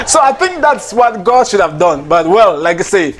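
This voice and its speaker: A man's voice: high-pitched, sing-song, normal speed, hardly any pauses, very noisy. A man delivering a chatty, preachy comic monologue, repeating himself and laughing between lines. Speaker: comedian.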